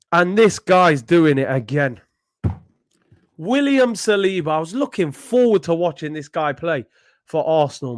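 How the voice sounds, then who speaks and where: Young guy fuming on his football vlog, high voice, keeps repeating himself. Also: no room sound, clean studio sound. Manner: exasperated, repetitive ranting. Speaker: football fan channel host. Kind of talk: ranting vlog commentary.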